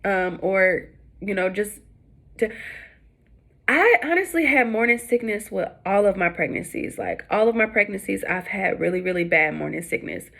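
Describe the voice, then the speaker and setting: A young adult woman casually telling her pregnancy story to the camera, chatty with lots of fillers, jumping high when she acts out what people said. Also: animated, moderate pace, creaky, fairly bright tone. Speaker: vlogger.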